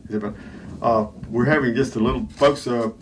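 A man hosting a radio show, talking in a rambling, halting, preachy way full of filler sounds. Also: medium pitch, fairly even intonation, noisy background. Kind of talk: rambling talk radio monologue. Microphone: home broadcast setup.

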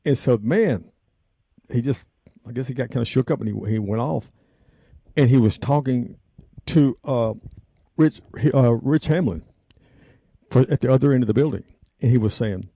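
A man, hosting a radio show and telling a rambling story in an excitable, emotional way, laughing often. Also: mid-range voice, normal speed, long pauses, slightly rough, no echo, studio quality.

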